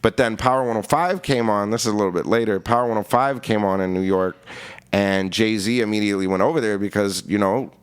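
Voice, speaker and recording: A male podcast guest telling an animated story in a casual way. He swears often and keeps asking "you know what I mean". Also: lowish voice, brisk, clean tone. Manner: casual, profane, peppered with 'you know what I mean'. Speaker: interview guest. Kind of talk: animated storytelling with acted-out quotes.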